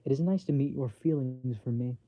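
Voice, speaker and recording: A man reading aloud, voicing a gentle, sincere male artificial intelligence who speaks in an earnest, formal and literal way, in a dull home recording. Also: medium pitch, a little fast, no echo, close to an everyday voice.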